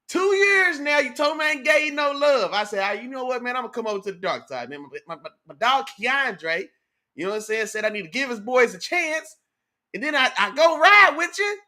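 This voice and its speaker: A man's voice: very high-pitched, bright, forceful tone. A young man hosting a casual sports livestream, hyped and slangy, calling out his chat viewers. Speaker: sports talk livestream host.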